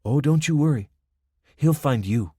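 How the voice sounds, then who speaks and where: A man voicing a confident, teasing young woman with a soft Spanish accent who runs an armed roadblock in an audiobook. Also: fairly high pitch, lively intonation, measured pace, slightly rough, no echo, studio quality, pitched above the performer's own voice. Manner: mocking, playful, giggly. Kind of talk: audiobook character voice.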